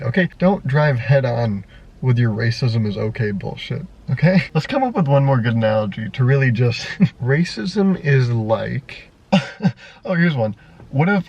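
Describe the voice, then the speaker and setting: Young guy ranting on his vlog, kinda husky, swears a lot, all over the place. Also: medium pitch, muffled recording. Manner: rambling, exasperated, laughs often and swears freely. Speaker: vlogger. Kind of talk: casual unscripted monologue to camera.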